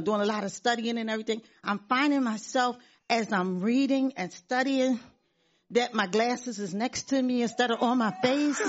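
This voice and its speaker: A middle-aged woman giving an earnest church testimony, often repeating herself and laughing as she talks. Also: on the high side. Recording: dull lo-fi sound.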